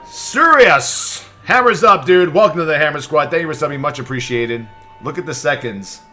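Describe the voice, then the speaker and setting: Hyped-up streamer dude, kinda high voice, stressed out, faint music behind. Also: male voice. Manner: excitable, stressed, swears, thanks subscribers rapidly. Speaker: livestream host. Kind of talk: live reaction stream chatter.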